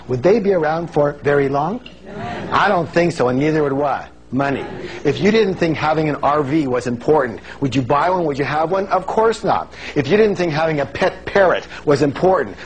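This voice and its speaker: Brief animated seminar speaker, man with a higher voice, live hall recording with faint hiss. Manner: animated, calls on the audience to answer, acts out quoted voices. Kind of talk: motivational seminar talk. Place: large seminar hall with an audience.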